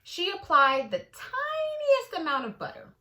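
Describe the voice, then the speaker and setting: A woman narrating a children's storybook aloud with expressive reading. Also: very high voice, a little slow. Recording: echoey room.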